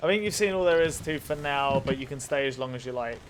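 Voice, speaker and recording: A man's voice: medium pitch, quick pace, slight background noise. A man commenting on a mystery game as he plays, thinking aloud and swearing freely. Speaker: let's play host. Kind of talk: gaming commentary.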